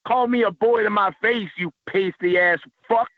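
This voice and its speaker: A man's voice: sits high, moderate pace, dry recording. Give me a taunting male caller over a muffled line, dry and close. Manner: threatening, profane, taunting. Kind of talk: prank call-in trolling. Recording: dull phone-call audio.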